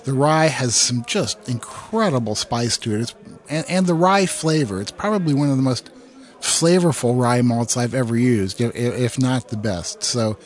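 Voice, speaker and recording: Relaxed male co-host, mid-range voice, easygoing and matter-of-fact in casual chat. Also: mid-range voice, moderate pace. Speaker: podcast co-host.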